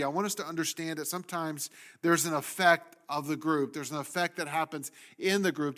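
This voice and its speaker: A pastor delivers a sermon with animated emphasis, his voice sitting on the high side. Now and then he acts out the complaints of the people in his story.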